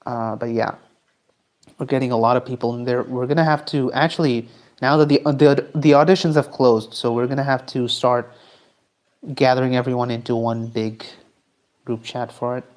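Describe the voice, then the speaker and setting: Drawing while he streams live, this man answers his chat in a casual, rambling way. His voice sits in the mid range, with fairly even intonation and a moderate pace.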